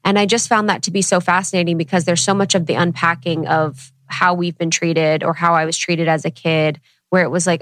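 A woman's voice: lowish voice, steady tone, a little fast, hardly any pauses, a bit bright, no echo. A woman hosting a podcast, conversational and thoughtful as she asks questions and shares reflections. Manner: conversational, thoughtful, frequent affirming murmurs. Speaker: podcast host. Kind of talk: casual podcast interview.

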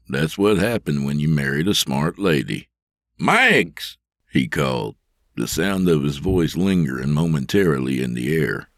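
A male podcast narrator reads fiction at a steady, measured pace. His voice sits very low and resonant in the chest. The recording is close and dry, with no room echo.

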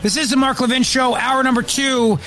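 A man filling in as host of a political talk radio show, speaking emphatically and indignantly in quick bursts. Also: extremely high pitch, fairly even intonation, music in the background.

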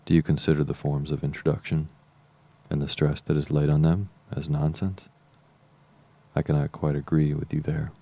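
A man reading the part of a dry, teasing middle-aged country gentleman in an audiobook, with an ironic delivery. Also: rumbling low, flat delivery, moderate pace.

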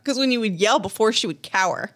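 A woman's voice: on the high side, expressive, quick pace, a bit bright. A woman co-hosting a podcast in casual chat, easygoing and chatty as she tells everyday stories. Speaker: podcast co-host.

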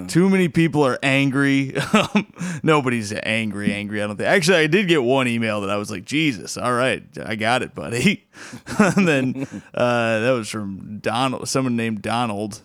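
A man's voice: medium pitch, a little slow, fairly bright tone, dry recording, studio quality. A man hosting a comedy podcast in casual, rambling chat, laughing often. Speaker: podcast host.

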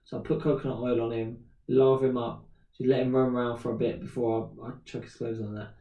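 A man, co-hosting a podcast and telling animated stories in casual chat with loud acted-out shouts. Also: medium pitch, fast, roomy sound, distant mic, dull audio. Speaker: podcast co-host.

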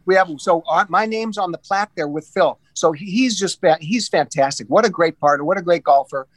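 Speaking a little fast in a high voice, this man shares lively golf stories, imitating the people in them and frequently starting over. There's no room sound in the clip.

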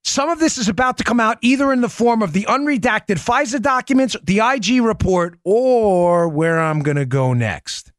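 On his political commentary podcast, this man presses his case through forceful rhetorical questions, speaking expressively at a moderate pace with hardly any pauses. His voice sits fairly high for a man, he addresses his co-host by name, and the sound is close and dry without echo.

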